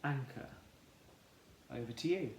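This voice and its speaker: A man teaching a children's phonics lesson, slowly sounding out letters and syllables in an encouraging way. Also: medium pitch, darkish tone. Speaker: primary school teacher. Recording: echoey room, faint background noise.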